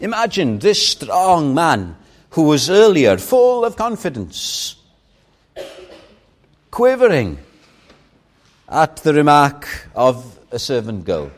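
A man whose first language is Welsh, preaching a Sunday morning sermon as a slow, expressive storyteller who leans hard on key words. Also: on the high side.

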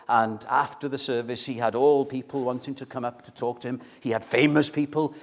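A man preaching an evangelistic sermon, earnest and pleading, building to forceful appeals. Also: medium pitch.

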